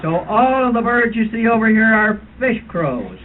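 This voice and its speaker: Casting: man playing a fussy older birding guide, high voice, tinny lo-fi 1970s tape with a faint hiss. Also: big pitch swings, normal speed, a faint crowd. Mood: lecturing. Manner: mock-authoritative lecturing, imitates bird calls. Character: fussy older male birding tour leader. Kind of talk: comic impression at a roast dinner.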